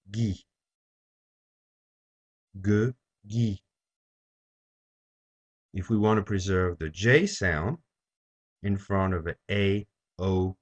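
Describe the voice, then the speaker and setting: Slow, husky male French teacher. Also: fairly low pitch. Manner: slow, deliberate, repeats French phrases for learners. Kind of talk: slow language lesson. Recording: dull lo-fi recording.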